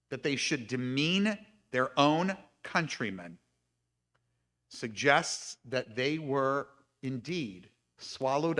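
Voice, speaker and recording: Bright-voiced man reading at a service. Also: medium pitch. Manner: reads quoted passages with asides and light laughs. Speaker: speaker at a humanistic congregation service. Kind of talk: reading aloud and commenting in a talk. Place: congregation service streamed live.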